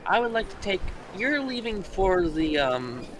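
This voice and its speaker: A man's voice: high-pitched, sing-song, a little slow, a bit bright, a little hiss or hum. Hesitant young man playing a tabletop character. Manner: hesitant, polite, with uhs. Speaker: player. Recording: music playing behind the voice.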